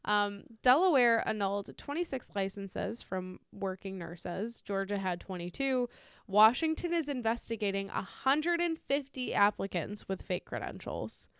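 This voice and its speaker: A woman's voice: medium pitch, big pitch swings, measured pace, clear, resonant tone, dry recording, clean studio sound. A woman with a Midwestern American accent co-hosting a podcast in casual chat, laughing often, swearing freely and stumbling over names as she reads news items. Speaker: podcast co-host.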